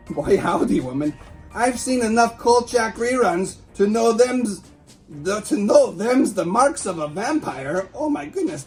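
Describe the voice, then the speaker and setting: A man's voice: on the high side, a little mellow. A man hosting a comedy show, reading a tabloid article aloud and breaking off with playful, teasing asides to a silent puppet sidekick.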